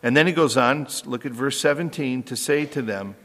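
Bright-voiced preacher in an echoey hall. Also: male voice, medium pitch, brisk. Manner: animated preaching, reading scripture aloud to a congregation. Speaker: pastor. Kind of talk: sermon.

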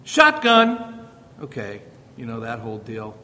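His pitch swoops wildly and his delivery is unhurried, pushed and bright. The middle-aged man is teaching informally about parenting from the Bible, chatting conversationally and circling back to rhetorical questions, all in an echoing hall with a faint rumble.

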